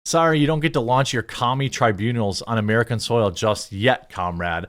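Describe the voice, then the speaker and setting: A man's voice: medium pitch, normal speed, a bit bright. A man hosting a reaction commentary show, sarcastic and mocking, stammering through restarts. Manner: sarcastic and mocking, bursts of laughter.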